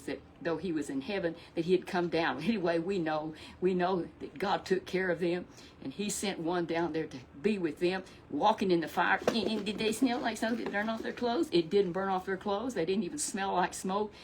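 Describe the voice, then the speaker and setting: Female storyteller for a children's Bible tale. Folksy, repetitive, chats to a puppet. Faint background noise. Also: medium pitch. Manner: chatty and repetitive, with asides to a puppet.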